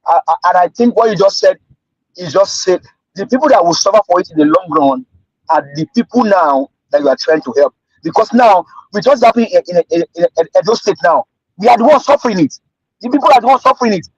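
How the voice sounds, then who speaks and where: A man's voice: high voice, lively intonation, quick pace, slightly rough, no room sound, muffled recording. A man with a Nigerian accent, a guest on a livestream, who stammers and repeats himself as he pleads his point.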